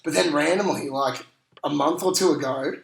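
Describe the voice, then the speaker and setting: A man's voice: on the high side, normal speed, gravelly. A young Australian man hosting a podcast, telling rambling slangy stories with plenty of swearing. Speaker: podcast host. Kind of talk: casual chat. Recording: roomy echo.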